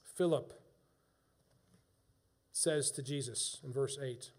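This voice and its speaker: High-voiced man preaching emphatically. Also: lively intonation, normal speed. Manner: emphatic preaching, swinging from hushed to raised. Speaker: pastor. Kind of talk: sermon.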